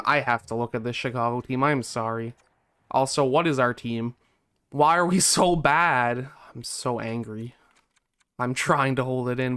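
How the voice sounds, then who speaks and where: A man's voice: medium pitch, a bit bright. A young man giving gameplay commentary, exasperated and swinging between hope and letdown. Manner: exasperated, swings from hopeful to deflated. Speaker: gaming YouTuber.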